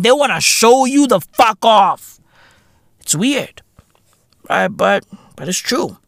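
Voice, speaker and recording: Podcast host going off, swears a lot, pitch jumping all over, slow drawn-out talk, dry close sound. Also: vocal fry, dry recording. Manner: profane, animated, bursts into shouts. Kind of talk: comedic solo podcast rant.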